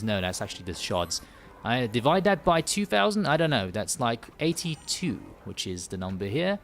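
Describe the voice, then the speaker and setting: A man from the UK hosting a live game stream, rambling and joking with many restarts and fillers. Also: mid-range voice. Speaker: gaming livestream host. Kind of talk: casual live stream chat.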